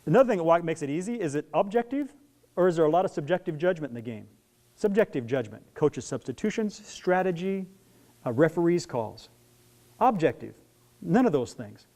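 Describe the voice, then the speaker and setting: Lively, animated middle-aged man speaker. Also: fairly high pitch, brisk. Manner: animated storyteller who acts out scenes. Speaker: speaker on parenting young athletes. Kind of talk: talk to an audience.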